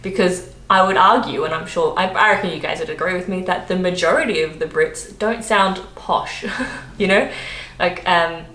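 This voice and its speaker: Young Australian woman vlogger, chatty and laughing, lowish voice, roomy echo. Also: normal speed, a bit bright. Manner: chatty, laughs often, many fillers. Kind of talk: casual chat to camera. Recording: echoey room, faint background noise.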